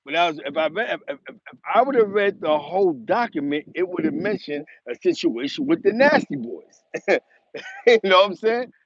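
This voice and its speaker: A man's voice: high-pitched, sing-song, normal speed, dry recording, highs cut off. A man from the Bronx, hosting his show and giving a rambling, emphatic commentary with many restarts. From the Bronx, New York. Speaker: host. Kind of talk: casual commentary monologue.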